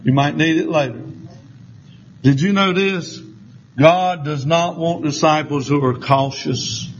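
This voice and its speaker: A man preaching a fervent sermon, rising at times to shouts. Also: fairly high pitch, unhurried. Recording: dull lo-fi with faint noise.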